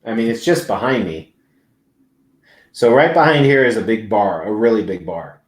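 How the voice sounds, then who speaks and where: Expressive and on the low side, a man's voice moves at normal speed with a reverberant sound as he hosts a live stream. Inside a large convention venue, he rambles casually to viewers and swears freely.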